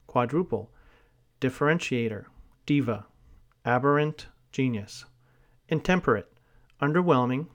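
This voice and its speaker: A man reads a vocabulary list aloud in a slow, unhurried cadence. His voice sits at an ordinary middle pitch, and he works through the words one by one, spelling some letter by letter and pointing out the hyphens. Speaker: vocabulary reader.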